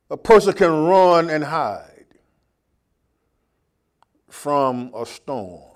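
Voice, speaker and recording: A man preaching from the pulpit in a slow, deliberate cadence. His voice sits slightly high for a man, and he leans hard on key phrases before dropping almost to a murmur. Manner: slow, emphatic preaching with wide swings in loudness. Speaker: pastor. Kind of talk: sermon.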